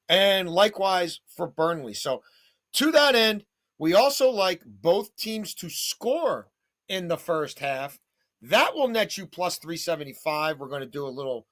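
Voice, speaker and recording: Male betting-show host with a bright, swinging voice; jokey, punchy, animated. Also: a little high. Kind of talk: sports betting picks.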